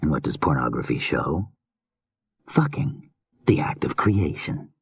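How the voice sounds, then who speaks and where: A man's voice: rumbling low, wildly swooping pitch, a little slow, slightly rough, full character voice. A man voicing an unhinged, weary male killer filmmaker in a slurred whisper, as whispered role-play in an audiobook. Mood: fervent.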